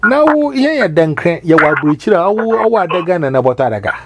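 A man's voice: high-pitched, sing-song, quick pace. A man, a minister, preaching informally and rambling as he switches languages mid-sentence. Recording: loud background noise.

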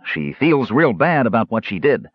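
A man's voice: mid-range voice, sing-song, normal speed, husky, no echo, lo-fi sound. A man voicing a big, loyal male warrior who talks in an earnest, urgent way in an audiobook. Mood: urgent calling. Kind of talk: audiobook character voice.

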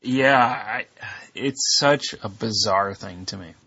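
Male podcast co-host, hesitant casual talker, bright and husky, dry close mic. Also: fairly low pitch, slow, no room sound, dull audio. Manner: hesitant, searching for words with fillers.

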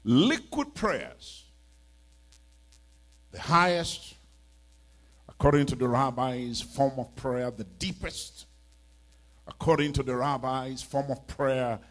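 A man's voice: mid-range voice, expressive, slow, pauses often, fairly bright tone. A man preaching a church sermon as a bishop, pleading and emphatic, with many rhetorical questions.

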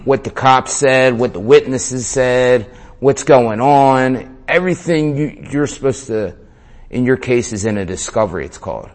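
A man with a mid-range voice, speaking unhurriedly, tells a story as an interview guest. His delivery is casual and packed with slang, swearing and "man".

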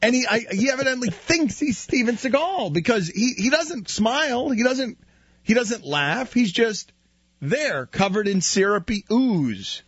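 A man hosting a radio talk show, teasing his co-host with quick questions. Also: very high-pitched, sing-song, a bit bright, slightly rough, no room sound, lo-fi sound. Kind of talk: casual sports-radio banter.

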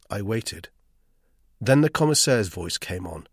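Gravelly, husky male narrator. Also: fairly low pitch, expressive, a little slow, pauses often, no room sound, studio quality. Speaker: audiobook narrator. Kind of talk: scripted narration.

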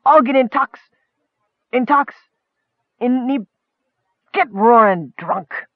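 A man's voice: very high voice, lively intonation, slow, no echo, narrow, tinny audio, voice pushed up, heavily acted. A man voicing a dim, boastful male gully dwarf king who talks in broken, childish sentences. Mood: puzzled. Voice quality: broken grammar, childish bragging.

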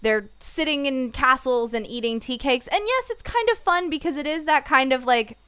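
A woman's voice: high voice, lively intonation, moderate pace, fairly bright tone, clear, resonant tone, dry recording. A woman co-hosting a casual podcast, reviewing an anime with playful sarcasm and frequent laughs. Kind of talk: casual chat.

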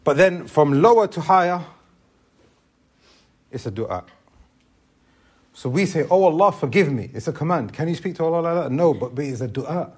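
A man's voice: a little high, expressive, normal speed, pauses often, breathy edge. A man teaching a classroom lesson on Islamic law, explaining step by step and asking the class questions.

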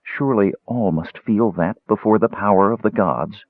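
A man's voice: fairly low pitch, moderate pace, no room sound. A man voicing an anguished young woman cleric who is doubting her faith, speaking in a trembling, pleading way. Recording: tinny phone-like dry sound.

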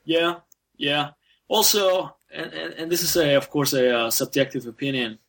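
Spanish-native male guest, American-trained English, talkative and full of restarts, bright tone. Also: on the high side, fairly even intonation, moderate pace, gravelly. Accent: American-trained English over a Spanish background. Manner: chatty, many restarts and fillers. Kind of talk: casual interview.

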